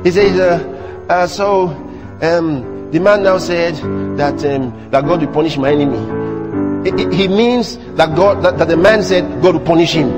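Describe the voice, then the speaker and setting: A man with a Nigerian accent preaching a sermon in church, animated and teasing the congregation. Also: a little high, measured pace, big-room sound. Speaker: pastor. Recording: music playing behind the sermon.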